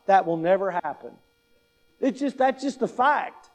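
An animated, high-voiced pastor in his fifties speaks at a measured pace in a conversational teaching talk about public speaking, often tossing in "right?" along with wry humor.

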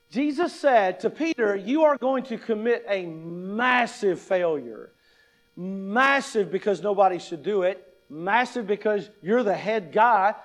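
A pastor with a high voice for a man delivers a Sunday sermon. He talks in a loose, conversational way, throwing out rhetorical questions before reading a passage of scripture aloud. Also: rough recording.

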